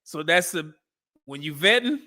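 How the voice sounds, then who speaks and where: A man's voice: on the high side, expressive, moderate pace, bright, forceful tone. A man hosting a casual live stream, reacting to old dating show clips, laughing often and reading out chat messages.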